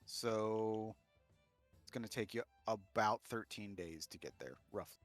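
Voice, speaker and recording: A man's voice: fairly low pitch, unhurried, soft background music. A man running a tabletop game as game master, talking loosely with many fillers. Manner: loose and filler-heavy, laughing easily.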